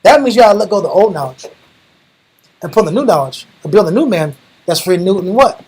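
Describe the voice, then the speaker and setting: A young man preaching a lively, slangy sermon, animated and calling the room bro. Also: high-pitched, fast talker, husky, low-quality recording. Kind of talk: lively street-style sermon.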